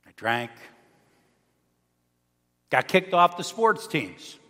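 A man preaches a sermon to a congregation, his fairly high voice rising into loud emphasis and then dropping to a near hush. The sound carries the long reverb of a church sanctuary. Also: very animated, drawn-out words. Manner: dynamic preaching, swinging from loud emphasis to soft, hushed lines. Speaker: pastor.

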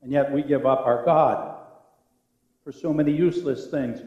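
A man preaching a sermon as pastor, with a dramatic delivery that swings from hushed to loud. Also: medium pitch, moderate pace, muffled recording. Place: church. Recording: echoey church room.

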